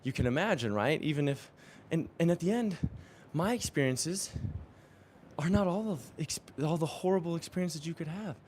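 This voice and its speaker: A man's voice: fairly high pitch, animated, moderate pace, darkish tone, slight background noise. A man exercising during a live-streamed motivational talk, earnest and affirming, often chuckling. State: exercising while talking. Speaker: spiritual coach.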